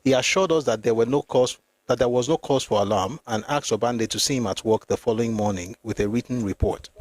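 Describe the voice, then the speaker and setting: A man's voice: medium pitch, darkish tone. A man reading from a memoir aloud for a history channel, stopping now and then to comment and reread a passage. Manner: reads steadily, pauses to comment and reread.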